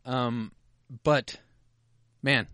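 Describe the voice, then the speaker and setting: A man's voice: medium pitch, fairly even intonation, very slow, a bit bright, smooth, dry recording, studio quality. A man co-hosting a podcast, joking and swearing as he reads listener emails. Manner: joking, sweary, drops into a mutter. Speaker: podcast co-host. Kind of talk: casual banter, reading listener emails.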